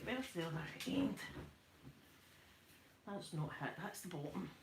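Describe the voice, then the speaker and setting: Bright-voiced chatty Glaswegian woman. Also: on the low side, slight background noise. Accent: Scottish, Glaswegian. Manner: chatty and jokey, laughs often. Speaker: ASMR creator. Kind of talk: casual chat. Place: at home, ironing.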